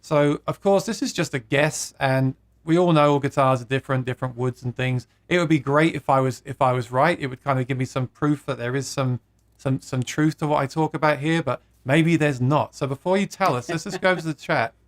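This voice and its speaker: A man's voice: mid-range voice, brisk. A man hosting a live guitar stream, chatting casually, reading viewer comments aloud and laughing at his own jokes.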